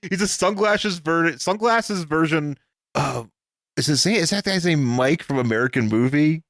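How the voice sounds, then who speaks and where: Rambling, lively-voiced man podcast co-host. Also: on the high side, normal speed, no echo, clean studio sound. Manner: rambling, laughs often, jumps to pop culture asides. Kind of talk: casual comic chat.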